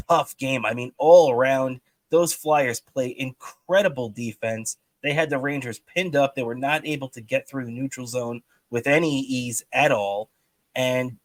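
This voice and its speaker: A man's voice: mid-range voice, a bit bright, dry recording. A man co-hosting a sports podcast, talking in a rambling way with many fillers and restarts. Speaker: podcast co-host. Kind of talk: casual sports talk.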